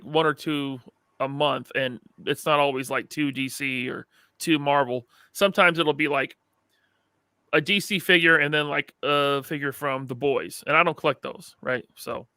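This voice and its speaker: A man's voice: a little high, sharp tone, no room sound, clean studio sound. A man co-hosting a podcast in casual chat, enthusiastic and chatty. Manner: enthusiastic, chatty, laughs often. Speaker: podcast co-host.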